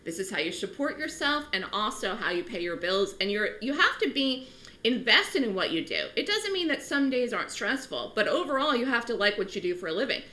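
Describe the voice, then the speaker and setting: A middle-aged woman talks straight to the viewer about trading, her voice bright and forward. Her pitch swings widely as she leans hard on key points. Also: a little fast, rough recording. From New York City. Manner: animated, emphatic, rising pitch on key points. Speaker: stock trading educator. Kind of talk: direct-to-camera market talk.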